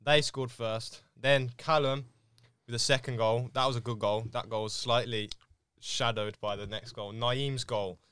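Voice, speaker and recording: A man's voice: medium pitch, a little slow, smooth, dry recording. A teenage man hosting a casual podcast with friends, telling stories in a jokey, slangy way. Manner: lively, jokey, storytelling with slang. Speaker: podcast host. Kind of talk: casual chat among friends. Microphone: podcast mic.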